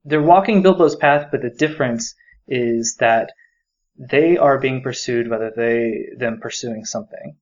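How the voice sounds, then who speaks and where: A man's voice: medium pitch, a little slow, muffled recording. A man co-hosting a podcast, talking enthusiastically about a book and rambling with many fillers. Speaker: podcast co-host. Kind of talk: casual book discussion.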